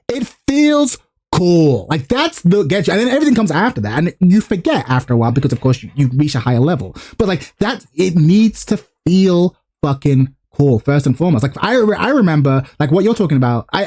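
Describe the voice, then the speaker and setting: A man in excited casual chat about fighting games, swearing often and laughing a lot. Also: fairly high pitch, breathy edge. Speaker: gaming commentator.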